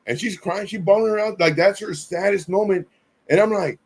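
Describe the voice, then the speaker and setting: A man's voice: sits high, brisk, darkish tone, breathy edge. A man co-hosting a casual live stream, telling stories earnestly with many fillers and restarts. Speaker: co-host.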